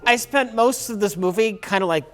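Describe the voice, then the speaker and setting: A man in his forties chatting about films in a casual comedy panel, deadpan and halting. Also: sits high, long reverb tail, very noisy. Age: 40s. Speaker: film reviewer.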